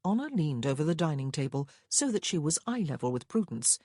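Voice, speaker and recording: A woman reads a historical romance with measured storytelling and a lively, rising and falling pitch. Her voice is breathy and sits close and dry, with no room sound. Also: dry recording. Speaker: audiobook narrator. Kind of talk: scripted narration.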